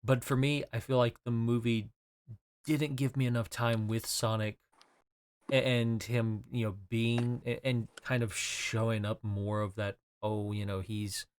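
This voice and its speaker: A man with a low voice co-hosts a casual podcast, giving his take in a relaxed, dry, self-deprecating way. He sounds unhurried and easygoing. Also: smooth. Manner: laid-back, dryly self-deprecating. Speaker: podcast co-host. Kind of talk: casual film discussion.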